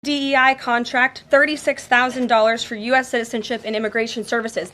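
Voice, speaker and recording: A woman giving a press briefing as press secretary, speaking firmly and deliberately. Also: a little high, level tone, a bit bright. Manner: firm, deliberate delivery.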